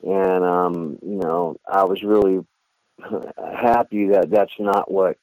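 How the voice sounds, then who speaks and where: A man's voice: sits low, takes it slowly, no room sound, poor audio. A male singer being interviewed, chatting casually and rambling with lots of "you know" fillers. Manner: animated storyteller. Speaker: band singer, interview guest.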